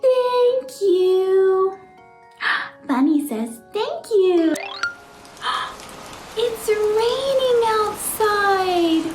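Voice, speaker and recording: A woman hosting a toddler learning video, speaking slowly with exaggerated wonder and frequent excited gasps. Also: extremely high pitch. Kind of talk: slow, exaggerated speech to toddlers. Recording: roomy echo with faint music.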